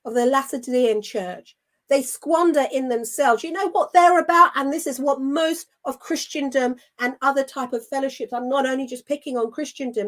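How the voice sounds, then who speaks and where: A middle-aged woman co-hosting a Christian show, speaking earnestly and with indignant emphasis. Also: high-pitched. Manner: emphatic and indignant, with measured phrasing. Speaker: co-host of a Christian online show. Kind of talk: earnest spiritual talk.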